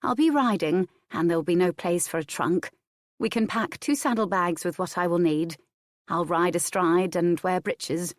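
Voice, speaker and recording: A woman voicing a proud, resolute young countess who speaks briskly and decisively, in a historical romance audiobook. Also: on the low side, dry recording, studio quality, natural voice.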